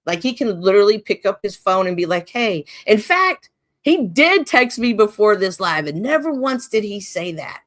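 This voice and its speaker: A woman's voice: medium pitch, big pitch swings, moderate pace, fairly bright tone. Heated, profane woman live-streamer. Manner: profane, heated, talks straight to chat. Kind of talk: casual live-stream rant.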